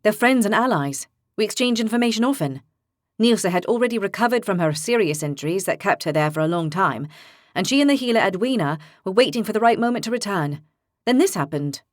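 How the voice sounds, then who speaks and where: A woman narrator voicing a calm, steady young male leader who explains things in a measured way. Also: mid-range voice, no echo, clean studio sound, natural voice. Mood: reassuring.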